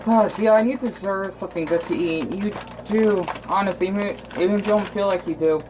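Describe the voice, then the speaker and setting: A man from Arizona talking in a casual cooking vlog, rambling and emotional, with frequent restarts and halting phrases. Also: high-pitched, noisy background. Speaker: vlogger.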